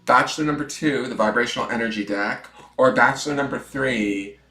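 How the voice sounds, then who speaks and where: A man hosts a relaxed tarot livestream from his home and chats freely with viewers. He swears now and then, pokes fun at himself, and drops from loud greetings to mumbled asides. His voice sits at an ordinary pitch for a man, and the room around him has a strong echo. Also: brisk, soft background music. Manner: chatty, swearing, self-mocking, drifts between loud greetings and mumbled asides. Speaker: tarot reader hosting a livestream. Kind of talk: casual livestream chat and tarot reading. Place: room at home with dogs snoring nearby.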